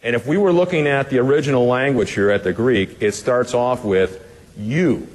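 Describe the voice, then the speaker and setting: A man's voice: mid-range voice, normal speed, a little mellow. Man preaching in an echoing hall. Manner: asks the listeners rhetorical questions; casual with fillers. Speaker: pastor teaching a Bible passage. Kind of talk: conversational sermon.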